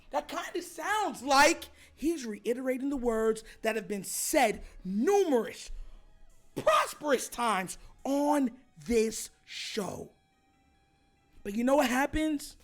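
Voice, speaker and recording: A high-pitched man hosts a fired-up sports rant, shouting and hammering the same points again and again. Soft music plays faintly behind his voice. His delivery swings between loud outbursts and quick, insistent asides. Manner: fired-up, shouting, repetitive emphatic. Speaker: sports show host. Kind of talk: heated sports commentary rant.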